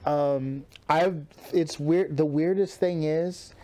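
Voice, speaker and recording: A man's voice: on the high side, steady tone, slow pace, dark tone. A man giving casual commentary on an old match, rambling and restarting, laughing easily. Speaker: wrestling partner.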